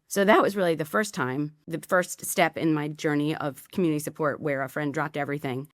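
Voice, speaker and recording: A middle-aged woman, a podcast guest, telling a personal story candidly with quick asides. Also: deep voice, steady tone, no room sound, studio quality.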